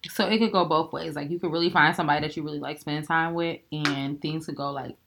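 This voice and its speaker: A woman co-hosting a podcast in casual chat, animated and swearing freely, acting out both sides of conversations. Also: low voice, fast talker, a little hiss or hum. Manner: animated, mimics voices in quoted exchanges; frequent swearing, laughing. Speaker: podcast co-host.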